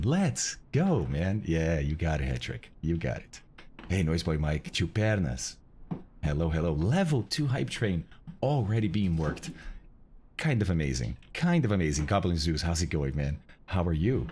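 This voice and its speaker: Deep-voiced Brazilian man greeting his stream. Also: big pitch swings, unhurried, slight background noise. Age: middle-aged. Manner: greets chat members one by one, hushed at times to keep quiet. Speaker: streamer host. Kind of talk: casual live-stream chat.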